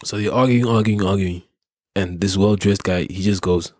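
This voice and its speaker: This podcast host is a young South African man with a lowish, steady, slightly mellow voice at a moderate pace. The recording is dry and studio-clean. His casual storytelling rambles, with many restarts and plenty of laughter.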